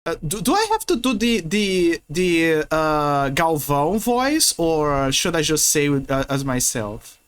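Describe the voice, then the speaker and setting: A woman's voice: low-pitched, big pitch swings, measured pace, clean tone. Playful woman streamer. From Brazil. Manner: rambling, playful, many restarts. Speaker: game streamer. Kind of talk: casual stream chat while gaming.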